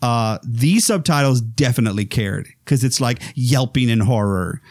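A man hosting a casual podcast, talking about films in an animated, rambling way with restarts. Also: mid-range voice, normal speed, no echo, studio quality. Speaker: podcast host. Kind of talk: casual film chat.

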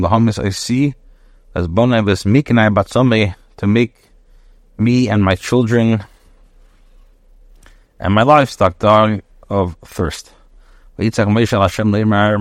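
A man's voice: lowish voice, no echo, studio quality. A man teaching a daily Bible lesson, reading Hebrew verses with Ashkenazi pronunciation and translating each phrase in short bursts. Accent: Hebrew in traditional Ashkenazi pronunciation. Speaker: rabbi teaching Torah with commentary.

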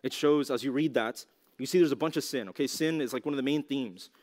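Man, youth pastor, laid-back teaching talk, mid-pitched voice, lots of "like", rhetorical questions. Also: fast talker, darkish tone. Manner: casual, conversational, heavy use of "like"; asks the audience rhetorical questions.

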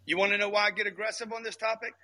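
A man's voice: sits high, steady tone, very fast, pushed and bright. Angry man swearing in a live debate. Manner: angry, profane, repeats himself. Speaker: guest speaker. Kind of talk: heated live audio room debate. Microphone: phone headset over Bluetooth.

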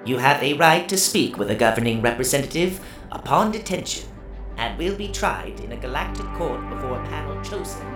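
A man's voice: mid-range voice, fairly quick, roomy sound, soft background music, pitched above the performer's own voice, natural voice. A man doing a droning robot pod voice. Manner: droning, monotone legal recital. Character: automated robot voice of a prisoner pod.

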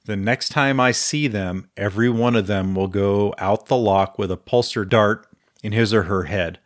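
A man's voice: lowish voice, moderate pace, no room sound, studio quality, close to an everyday voice. A man reading as a grim woman starship captain.

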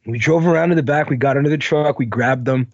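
A man's voice: mid-range voice, fast talker, a little mellow, no echo, lo-fi sound. A man co-hosting a podcast, casually telling a long story, rambling, swearing and laughing along. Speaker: podcast co-host.

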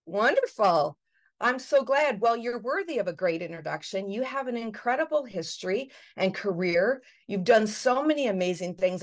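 A woman hosting a podcast interview, giving upbeat, effusive introductions. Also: medium pitch. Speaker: podcast host.

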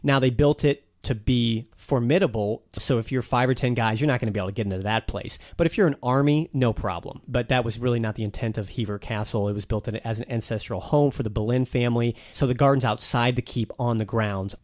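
A man's voice: mid-range voice, brisk, hardly any pauses, a little mellow, dry recording. Enthusiastic man in a dry podcast chat. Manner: enthusiastic, storytelling, some restarts. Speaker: podcast guest, castle enthusiast. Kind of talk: casual podcast conversation.

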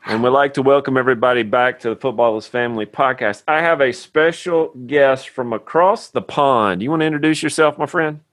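A man's voice: medium pitch, fairly quick, few pauses, a bit bright, no echo. A man from Tennessee, hosting a podcast with a scripted intro and a friendly, earnest chat. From Tennessee, USA. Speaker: podcast host. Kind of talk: scripted intro then casual interview.

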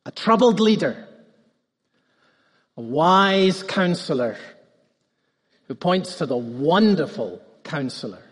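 A man's voice: a little high, very animated, slow pace, long pauses, husky, long reverb tail. A man, a pastor, preaching a sermon earnestly and repeating key phrases for emphasis.

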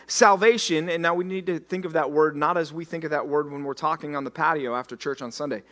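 Preaching with a high voice and a steady tone, a male pastor performs scripture in the first person. He shifts between loud declaiming and soft, slow emphasis.

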